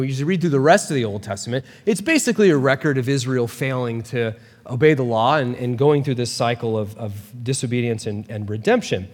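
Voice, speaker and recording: Lively, conversational male pastor preaching. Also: medium pitch, big-room sound. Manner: conversational and animated, with quick asides. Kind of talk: sermon.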